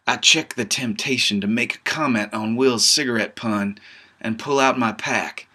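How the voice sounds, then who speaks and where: Guy reading his own book, folksy drawl, bright clear voice, tough-guy storyteller vibe. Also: on the low side, moderate pace. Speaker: author reading his novel. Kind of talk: first-person audiobook narration.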